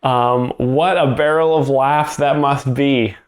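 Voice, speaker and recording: A man hosting a dry, deadpan commentary that explains the jokes, hesitant and over-literal. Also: medium pitch, takes it slowly. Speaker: joke explainer host.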